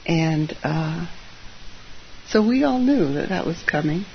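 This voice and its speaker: A middle-aged Zen teacher giving an informal dharma talk, chatty and full of ums, with gentle self-deprecating humor. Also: medium pitch, animated, takes it slowly, gravelly, long pauses. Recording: slightly muffled with faint hiss.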